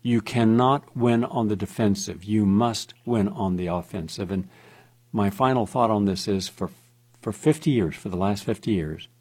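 A man with a husky, somewhat low voice holds forth on talk radio. His delivery is emphatic and insistent, pressing each point home. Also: moderate pace, a little mellow. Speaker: radio host.

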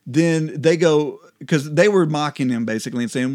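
A man co-hosting a casual Bible study chat, relaxed and laughing often as he explains. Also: a little high, normal speed. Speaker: co-host.

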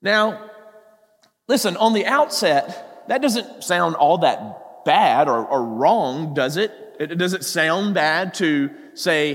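Animated male pastor preaching in a reverberant hall. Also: a little high, slow pace. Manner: animated preaching with rhetorical questions. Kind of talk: sermon.

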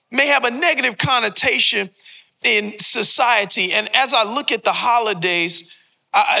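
A man's voice: high-pitched, gravelly, sharp tone. A young man preaching a sermon as a pastor in a church, joking and trading call-and-response with the congregation. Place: church sanctuary before a congregation.

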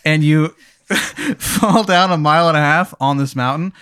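Man spinning absurd deadpan tales. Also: on the high side, unhurried, smooth, no echo. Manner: deadpan, escalating absurd narration. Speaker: comedy podcast host. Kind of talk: improvised comic storytelling.

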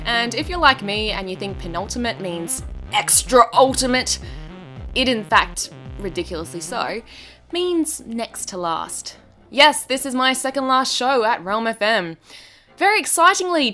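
Bubbly young radio host played by a woman, animated voice, chirpy patter, comedy audio drama. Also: on the high side. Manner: chirpy on-air patter, exasperated with her sister.

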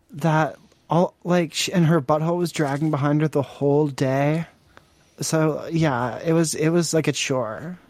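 A man's voice: a little high, no echo. Casual, guy doing prank calls, swears a lot, mocks the caller, dry close mic. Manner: mocking, profane, rambling. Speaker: prank call host. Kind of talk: crude prank call banter.

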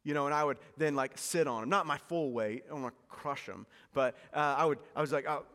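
Male pastor, sermon delivery, lively storyteller, church hall reverb. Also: a little high, fairly quick. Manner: animated storytelling preacher, repeats key lines.

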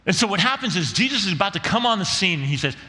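A man's voice: high voice, sing-song, racing, sharp tone, big-room sound, slight background noise. A male pastor preaching a sermon in a conversational way, using casual slang and acting out quotes.

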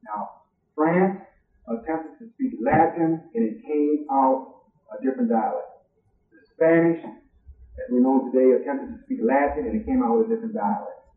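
A man lectures in a hall, his raised pitch leaping as he fires rhetorical questions at the room. The tape is old and muffled, picked up from far across an echoey space, with little clarity left. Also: big pitch swings, moderate pace, creaky. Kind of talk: university lecture.

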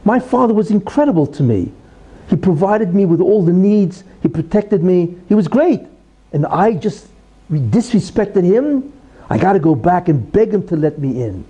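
A remorseful young son, thrown out of his home, begs in a raised, pleading voice, as a man puts him on in a teaching story. The tone stays dark and husky, and it keeps swinging up and down as he reproaches himself. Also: sits high, sing-song, normal speed, exaggerated voice.

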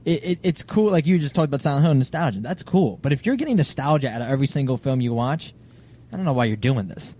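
A man speaks in a played podcast clip. He talks fast, and his pitch swings up and down a lot. He sounds dismissive and casual. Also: animated, warm tone, a little hiss or hum. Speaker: podcast host from another show.

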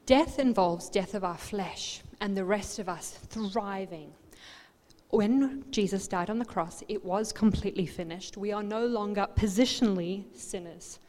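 A woman pastor preaching a sermon, swinging from quiet asides to loud, animated outbursts. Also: mid-range voice, measured pace. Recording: long hall reverb.

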